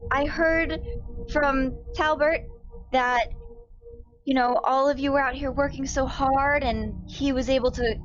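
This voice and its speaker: A woman's voice: high voice, steady tone, unhurried, muffled recording, soft background music, pitched above the performer's own voice. A woman putting on a flustered, stammering young woman. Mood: nervous, apologetic. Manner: stammering, over-apologetic, breathless pleading.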